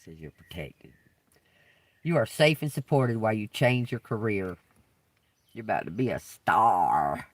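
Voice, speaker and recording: A man's voice: lowish voice, expressive, measured pace, pauses often, recorded from a distance. A man doing a live-stream tarot reading, talking casually, swearing freely and laughing often. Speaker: tarot reader.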